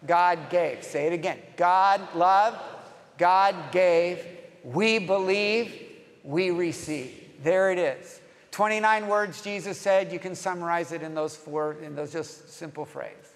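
A man preaching a sermon as a pastor, emphatic, leading the congregation to repeat phrases with him. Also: sits high. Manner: emphatic, leads congregation in call-and-response. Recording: long hall reverb.

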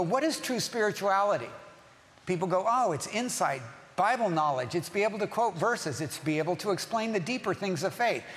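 Pastor, male, high voice, emphatic sermon delivery, long hall echo. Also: fairly bright tone. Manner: emphatic, repeats key phrases, asks the congregation questions.

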